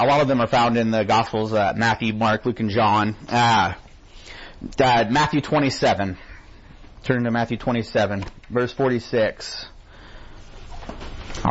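Man teaching a relaxed Bible class. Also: mid-range voice. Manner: reads scripture slowly and deliberately, then chats loosely. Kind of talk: informal Bible study lesson. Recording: dull lo-fi recording.

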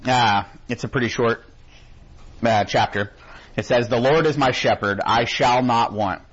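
A man at a middle pitch leads a casual Bible class in a church classroom. He reads verses slowly and carefully, then chats easily with the students. The recording sounds dull and low-fidelity. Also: fairly bright tone, breathy edge. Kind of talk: informal Bible study lesson.

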